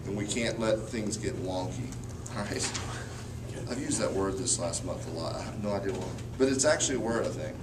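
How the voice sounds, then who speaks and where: A man's voice: lowish voice, a little fast, very noisy. Man coaching a band, counting off. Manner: counts off and coaches between run-throughs. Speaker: band director. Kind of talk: rehearsal instruction. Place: rehearsal room. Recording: roomy, distant, with loud band playing. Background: band playing.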